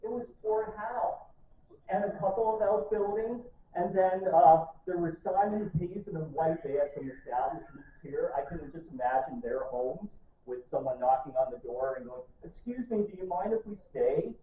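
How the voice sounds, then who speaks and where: A man's voice: a little high, fairly even intonation, normal speed, slight background noise. A man giving a playful, joking history talk to a live audience in a library room. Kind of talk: lively public lecture. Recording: distant, echoey, tinny room recording.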